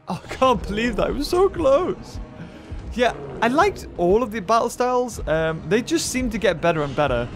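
A man commenting on a mobile game as he plays, thinking aloud and breaking into excited shouts. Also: high voice, brisk, hardly any pauses, soft background music. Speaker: gaming YouTuber.

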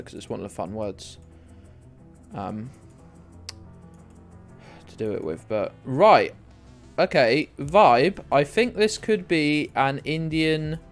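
A male streamer rambles through a geography game, talking straight to his chat and cursing casually. His voice sits at an ordinary middle pitch. Soft music plays faintly under him. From United Kingdom. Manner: chatty, rambling, swears freely, talks to chat.

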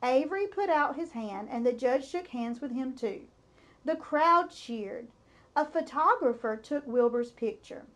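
A woman reading a children's novel aloud, narrating expressively. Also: sits high. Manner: slow, expressive storytelling. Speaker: storybook reader.

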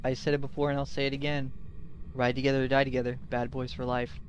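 A man's voice: medium pitch, flat delivery, fast talker, muffled recording, slight background noise. A man playing a horror game who shrieks, swears and laughs nervously while scared and sweaty. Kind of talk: casual gaming chat.

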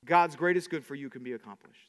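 Energetic high-voiced preacher in a hall. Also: male voice, fast. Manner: animated preaching with many repeated words and asides. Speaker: pastor. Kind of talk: sermon.

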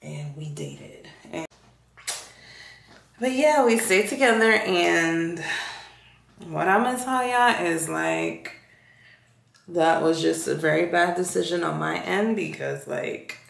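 Slow, gravelly woman telling a story. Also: lowish voice. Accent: Jamaican. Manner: animated storyteller, acts out quoted voices. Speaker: vlogger. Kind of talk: casual storytime chat. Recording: echoey room.

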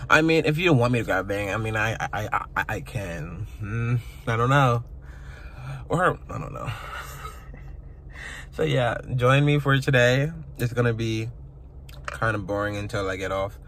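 A man's voice: fairly low pitch, lively intonation, normal speed, long pauses, a bit bright, a little hiss or hum. A young man talking casually to his phone camera, chatty and emotional, laughing at himself. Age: young adult. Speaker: vlogger. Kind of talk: casual vlog chat. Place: parked car outside his workplace.

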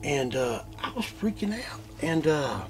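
A man telling his own encounter in an interview, animated, repeating himself, going from loud bursts to hushed tones. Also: fairly high pitch, unhurried, a little hiss or hum. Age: adult, a father. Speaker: eyewitness interviewee. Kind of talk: emotional first-person retelling.

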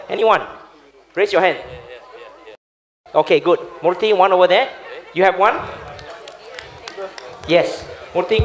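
A man with a high, upbeat voice runs a live coaching workshop. He keeps the room moving, checks in with "okay?" after nearly every point, and speaks with a lot of push and energy. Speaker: workshop facilitator.

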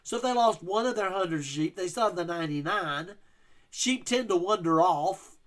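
A man's voice: high-pitched, expressive, normal speed. A male pastor giving a verse-by-verse teaching sermon, explaining scripture and reading King James wording with emphasis.

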